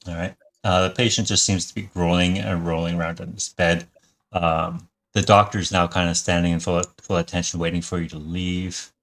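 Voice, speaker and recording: A man's voice: low voice, flat delivery, moderate pace, a bit bright. A man narrating and running a tabletop game in an easygoing way. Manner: easygoing, plain narration with fillers. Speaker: game master.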